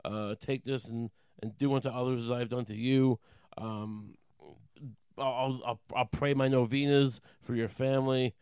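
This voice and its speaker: A man's voice: mid-range voice, fairly even intonation, normal speed, darkish tone, clear, resonant tone, no echo, clean studio sound, natural voice. A man doing a groveling, panicked wrestler. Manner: pleading, rambling, crude. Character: groveling panicked male wrestling executive's son.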